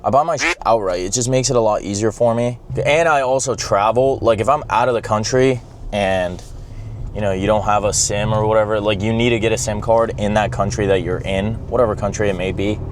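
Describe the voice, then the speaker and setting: A man's voice: fairly low pitch, a little hiss or hum. A young man chatting casually in a car vlog, blunt and rambling, full of swearing and "bro". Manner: blunt, profane, rambling, says bro a lot. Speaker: vlogger. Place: in a car, driving.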